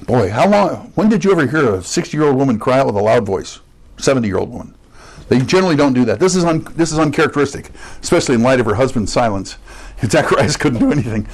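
A man gives a verse-by-verse Bible teaching in a somewhat raised pitch. He stops to explain word meanings and restates his main points for emphasis. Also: rough recording. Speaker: pastor.

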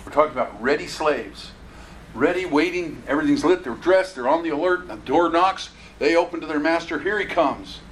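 This pastor's voice is a little high and his delivery brisk, with slight background noise in the recording. Preaching an expository sermon, he animatedly acts out the voices in scripture and asks the congregation questions.

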